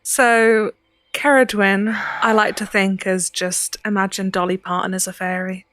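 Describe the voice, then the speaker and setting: A woman's voice: medium pitch, little pitch movement, unhurried, a bit bright, a little hiss or hum. A woman player chatting casually and laughing during a tabletop game. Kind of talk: casual chat.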